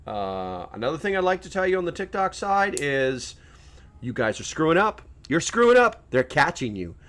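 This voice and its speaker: A man's voice: a little high, big pitch swings, moderate pace, a bit bright. Sarcastic rambling male vlogger. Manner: rambling, sarcastic, many restarts. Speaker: channel host. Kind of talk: casual vlog commentary.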